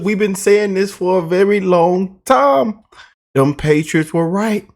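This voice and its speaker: A man gives political commentary on his own channel, gloating and mocking his targets as he repeats himself. His voice sits a little high for a man. He talks slowly, stretching out his emphatic phrases.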